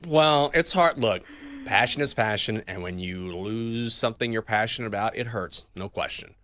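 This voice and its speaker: Bright, playful male sports host. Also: on the low side, moderate pace. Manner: playful, jokey. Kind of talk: casual sports chat.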